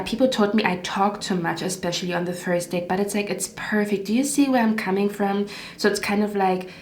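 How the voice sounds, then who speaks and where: A woman's voice: mid-range voice, darkish tone, reverberant. Chatty woman giving a tarot reading. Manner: chatty, lots of "okay?" and "like". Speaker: tarot reader.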